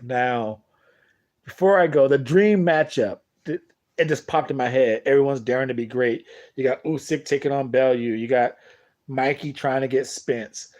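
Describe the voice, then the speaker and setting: A man's voice: mid-range voice, moderate pace, darkish tone, highs cut off. A young man telling a long, profane, rambling story in casual talk to camera on a boxing talk show.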